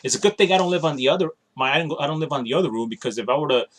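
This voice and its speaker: A man's voice: on the high side, animated, very fast. A tired man rambling bluntly in a casual home vlog, complaining offhandedly as he talks straight to the camera in a small room. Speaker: vlogger.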